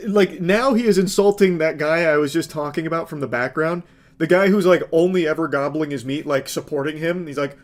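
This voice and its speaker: A man's voice: a little high, fairly quick. Sarcastic man reacting to clips. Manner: sarcastic, incredulous. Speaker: commentator. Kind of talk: comedic reaction commentary.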